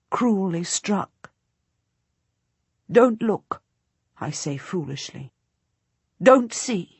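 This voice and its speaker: A woman reading a historical novel aloud as a first-person audiobook narrator, measured and dramatic. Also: mid-range voice, a little mellow, slightly rough, no room sound.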